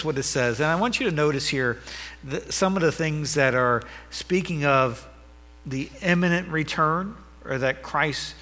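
Earnest pastor, bright voice in a reverberant hall. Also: male voice, medium pitch. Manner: earnest, reads scripture with rising emphasis. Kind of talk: sermon with scripture reading and prayer. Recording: long reverb of a church hall.

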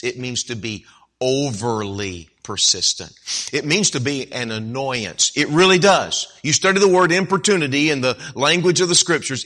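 A man's voice: mid-range voice, sharp tone. A man preaching a sermon, telling a story animatedly and acting out its characters with big swings in voice. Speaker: pastor.

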